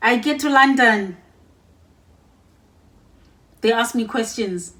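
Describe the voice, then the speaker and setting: A woman's voice: a little high, slow, pauses often, fairly bright tone. A young woman vlogging to a camera set across a room, telling a long story in a chatty way, acting out both sides of conversations and often correcting herself. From Lesotho. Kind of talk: casual storytime. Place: warm room in a cold house.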